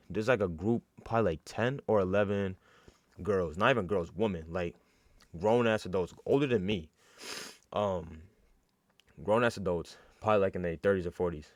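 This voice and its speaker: A man's voice: low voice, dry recording. A young man from New York telling a casual, slangy story with lots of fillers and restarts.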